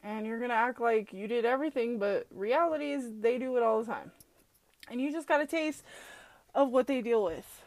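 A woman's voice: a little high, normal speed. A woman hosting a solo podcast, ranting bluntly with heavy swearing, laughing often and mocking people as she tells stories. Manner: mocking, animated storytelling. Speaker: podcast host. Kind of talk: profane solo podcast rant.

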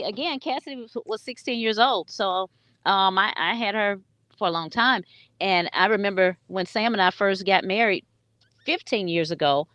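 A woman's voice: medium pitch, dry recording. A middle-aged woman, co-hosting a casual podcast chat and telling stories with lots of laughter and acted-out quotes. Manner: animated storyteller, laughs often, acts out quotes. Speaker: co-host.

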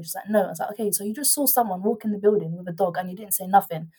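A young woman, telling a story in casual chat as a guest, animated and rambling, with many restarts and quoted dialogue. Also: mid-range voice, very fast, few pauses, husky.

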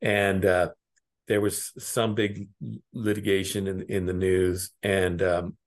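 A middle-aged man from Alaska, a lawyer and interview guest, telling stories in a halting, rambling way with chuckling asides. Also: low voice, little pitch movement. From Alaska, United States. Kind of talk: casual interview conversation.

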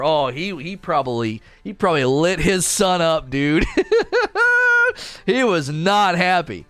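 A man's voice: a little high, moderate pace, dry recording. Man animatedly telling a story, dry sound. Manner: animated, acts out quoted voices, laughs often. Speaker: storyteller recounting a customer encounter. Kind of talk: casual storytelling chat.

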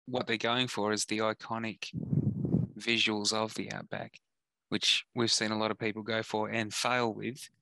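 An Australian man co-hosting a podcast, offering measured, reasoned counterpoints about film trailers. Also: lowish voice, flat delivery, creaky, pushed and bright, dry recording. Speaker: podcast co-host. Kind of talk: casual chat reviewing film trailers.

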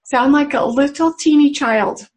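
A woman's voice: high voice, rough recording. Earnest woman with a raised voice. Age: adult mother. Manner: earnest and confiding, with unhurried pauses. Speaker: webinar presenter. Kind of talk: personal spiritual talk.

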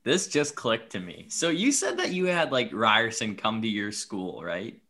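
A young man with a lowish, bright, forceful voice co-hosts a casual podcast. He keeps things upbeat, plugging shows and firing off questions. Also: very animated, a little slow. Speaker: podcast co-host. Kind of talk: casual chat.

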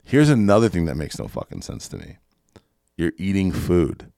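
A man with a fairly low voice rants through a casual podcast, swearing freely and hammering his points home. The sound is dry and close, with no room around it. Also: sing-song, normal speed, gravelly, mellow, no echo. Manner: profane, emphatic ranting. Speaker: podcast host. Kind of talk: casual opinionated podcast rant.

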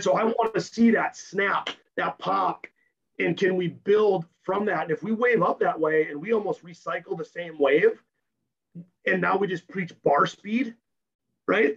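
A strength coach, a man, explaining his training program in rapid, technical detail in a podcast interview while hoarse from losing his voice. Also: high voice, fairly bright tone, dull audio. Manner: rapid and technical, keeps tagging "right?".

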